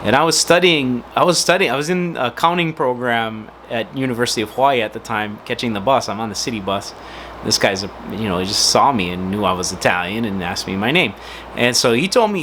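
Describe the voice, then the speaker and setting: A man's voice: mid-range voice, a little fast, fairly bright tone. Rambling storytelling man, faint hum behind. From United States. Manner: rambling, with many fillers and restarts. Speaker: host of a personal video channel. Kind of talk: casual storytelling vlog.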